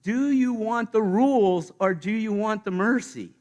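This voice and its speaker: A man preaching a sermon to his congregation, playful and animated, speaking straight to the listeners. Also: high-pitched, measured pace. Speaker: pastor. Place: church sanctuary.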